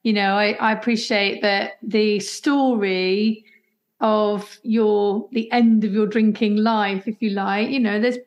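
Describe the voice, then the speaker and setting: A woman's voice: medium pitch, steady tone, slow pace, lo-fi sound. A woman hosting a podcast interview, encouraging and effusive in her responses. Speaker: podcast host. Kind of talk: conversational interview.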